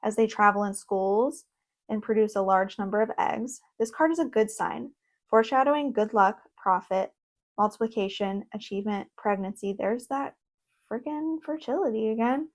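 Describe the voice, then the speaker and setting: A young woman in a casual vlog, reviewing an oracle deck at home, reading card meanings aloud between excited, chatty asides and laughs. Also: mid-range voice, moderate pace. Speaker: tarot content creator. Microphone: own microphone.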